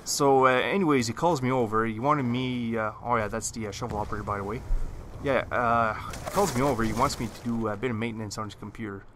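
A Canadian man with a mid-range voice talks quickly through casual, rambling gameplay commentary, swearing often and packing his loose storytelling with "uh" and "like." Game gunfire sounds behind his voice.

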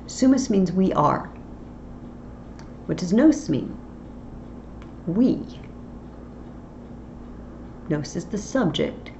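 A woman's voice: lowish voice, expressive, drawn-out words, gravelly, long pauses, darkish tone, slight background noise. A woman teaching a Latin lesson online, explaining patiently step by step. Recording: slightly dull lo-fi audio with faint ambience.

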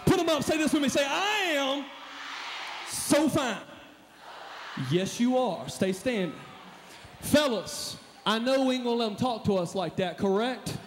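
A man as a motivational speaker on stage, hyping up a live church crowd with shouted calls and responses. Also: extremely high pitch, expressive, a little slow, pauses often, slight background noise. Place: large hall at a live event. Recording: echoey hall, live event.

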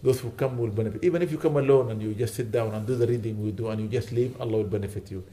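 A man giving a mosque lecture as a sheikh, preaching with fervent emphasis that softens into quiet prayer. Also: on the low side, rapid-fire.

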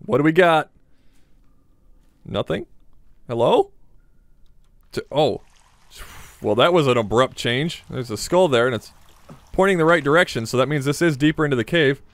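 A young man giving joking, excitable commentary while playing a survival horror game, talking to his viewers and swearing when startled. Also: fairly high pitch, normal speed, long pauses, no echo. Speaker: gaming channel host.

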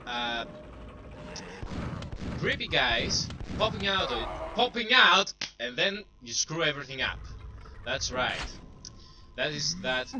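A young man casually commenting on his gameplay, rambling, putting himself down and taunting enemies. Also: mid-range voice. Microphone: cheap desktop microphone. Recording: distant mic with clear background noise.

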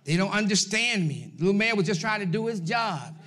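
Man, pastor, very high voice, bright and forceful, shouting sermon with call-outs to the church. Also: animated, brisk. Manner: exhorting, calls out to the congregation; swings from loud shouting peaks to low asides.

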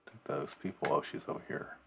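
A man's voice: a little fast, a little hiss or hum. A man casually commenting on the game he is playing, mumbling and thinking aloud to himself. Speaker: gamer playing a game on video.

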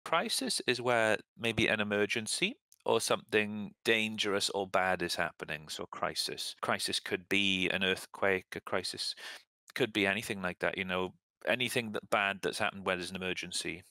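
A young man casually explaining example sentences as an English teacher, relaxed and chatty. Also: deep voice, moderate pace, no echo. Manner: relaxed, chatty, laughs at own slips.

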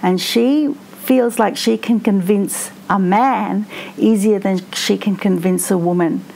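Woman commentator, unhurried and gravelly, thinking aloud. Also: medium pitch, mellow, slight background noise, rough recording. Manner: slow, reflective, with frequent restarts. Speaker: true crime commentator. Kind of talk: casual commentary to camera.

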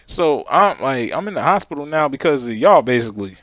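A man's voice: medium pitch, big pitch swings, fairly quick, few pauses, fairly bright tone, no room sound, lo-fi sound. A young man ranting animatedly in a reaction video, exasperated and repeating himself for emphasis.

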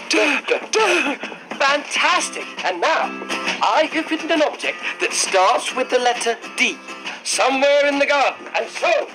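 A man's voice: very high-pitched, exaggerated voice, poor audio. An actor playing a cheerful older grandfather, encouraging his dog and sounding out letters. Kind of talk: children's TV acting.

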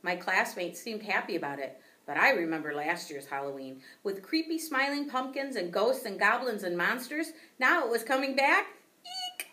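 A woman teacher reading a children's book aloud with expressive storytelling. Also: medium pitch, normal speed, hardly any pauses, far from the mic.

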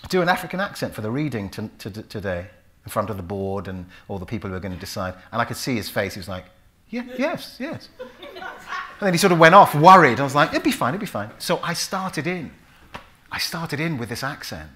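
British male actor, storyteller at a public talk, bright forward tone, acts out voices. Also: mid-range voice, fast. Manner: animated storyteller who acts out voices and recites Shakespeare. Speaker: actor and author giving a talk. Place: lecture hall before a live audience.

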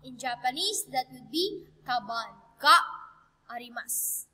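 A woman with a Filipino accent teaches an online grammar lesson. Her voice sits high and sounds bright, and it carries a long reverb. She talks patiently and checks in often with "okay?". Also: sing-song, unhurried, slightly rough. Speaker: Japanese language teacher.

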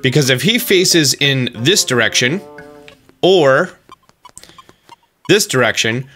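A man's voice: mid-range voice, lively intonation, takes it slowly, a bit bright, soft background music. An American man hosting a gaming channel, talking through gameplay in a joking, conversational way. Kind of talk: video game commentary.

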